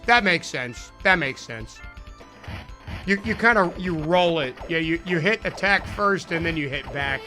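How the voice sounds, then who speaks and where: A male game streamer talking casually to his viewers in a loose, rambling way, full of jokes at his own expense. His voice sits a bit high for a man and has a bright, forward edge. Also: expressive, measured pace, faint music behind. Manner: rambling, self-deprecating, jokey, chatting to viewers. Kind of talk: casual live-stream chat while playing.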